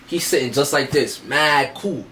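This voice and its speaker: A man's voice: medium pitch, unhurried, sharp tone, a little hiss or hum. A man telling a story in a casual, slangy, streetwise way, full of fillers. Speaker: vlogger.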